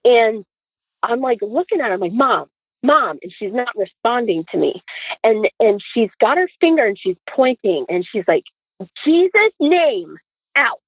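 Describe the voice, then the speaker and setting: A woman, a podcast guest, telling a story in casual conversation, animated and acting out the dialogue. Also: fairly high pitch, normal speed, breathy edge, dry recording. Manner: animated, acts out quoted dialogue. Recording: dry, phone-like audio.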